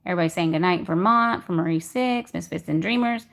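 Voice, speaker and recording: A woman's voice: fairly low pitch, quick pace, vocal fry, fairly bright tone. A woman hosting a casual livestream from home, greeting viewers by name and reading their comments aloud. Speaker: livestream host reading chat. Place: home in Texas during a power outage.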